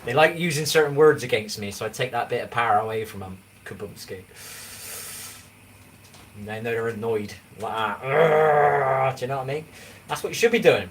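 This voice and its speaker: A man in his forties from England, with an English accent and a somewhat bright, mid-range voice, chats casually on a livestream. He rambles, repeatedly asking if you know what he means. The mic is distant, with faint background noise.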